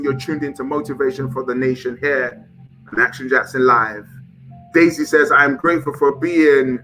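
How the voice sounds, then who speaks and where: A man's voice: mid-range voice, bright, forceful tone, low-quality recording. A man hosting a motivational live stream, coaching viewers through breathing and affirmations and greeting them by name.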